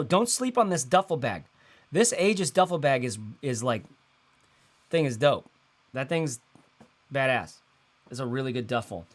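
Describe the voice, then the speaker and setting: A man in his thirties hosting a casual livestream, talking in a loose, rambling way with lots of fillers and slang. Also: mid-range voice. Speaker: host.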